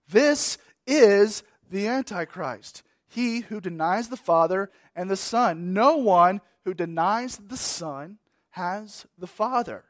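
A high-voiced man preaching a sermon at a slow, deliberate pace, leaning on repeated words for weight. He moves between raised, emphatic bursts and quiet, trailing phrases. The sound is close and dry, with no room echo. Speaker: pastor.

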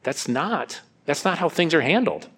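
A man's voice: on the high side, expressive, moderate pace, a bit bright, breathy edge. A man preaching a sermon, earnest, reading a book passage aloud and stressing his key points.

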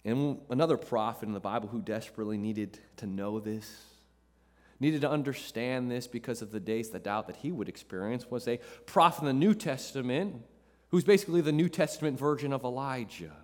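A man's voice: mid-range voice, brisk, a little mellow. Emphatic male pastor in a reverberant hall. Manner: emphatic, repeats phrases for effect. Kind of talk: sermon. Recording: long reverb of a large hall.

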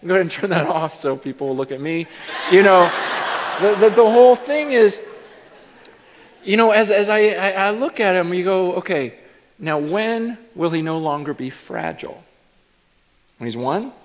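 High-voiced man preaching in a reverberant hall. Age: 30s. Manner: halting, repeats words, storytelling with lively acted-out asides. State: short on sleep. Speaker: pastor. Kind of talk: sermon. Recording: dull sound with long hall reverb.

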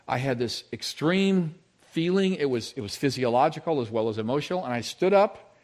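A male pastor giving a sermon, telling a personal story, moving between loud emphasis and hushed, intimate moments. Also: mid-range voice.

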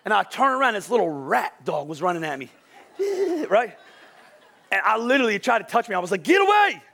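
Man preaching, high-pitched, gravelly, animated storyteller, pastor. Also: brisk. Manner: animated storytelling, frequent "right?" asides. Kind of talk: sermon.

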